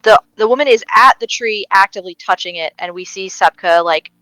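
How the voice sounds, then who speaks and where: A woman's voice: medium pitch, fairly quick, pushed and bright, no room sound, low-quality recording. A woman playing a tabletop game, chatting casually and thinking aloud as she asks questions. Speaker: player.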